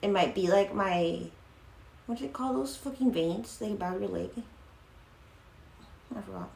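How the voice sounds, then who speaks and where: A woman's voice: mid-range voice, a little slow, vocal fry, darkish tone. A young woman streaming live, chatting casually in a rambling way full of fillers and swearing. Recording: echoey room.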